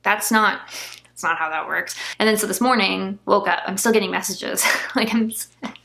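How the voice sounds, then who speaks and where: A woman's voice: mid-range voice, normal speed, pushed and bright. A young woman vlogger candidly recounting a painful family argument, emotional and close to tears at times. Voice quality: gravelly fry. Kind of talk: candid personal vlog storytelling.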